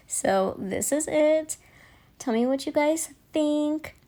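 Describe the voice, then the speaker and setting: A woman's voice: high-pitched, expressive, slow, warm tone. A young woman chatting in a casual voiceover, rambling and chatty, apologizing for how much she talks. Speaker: nail vlogger.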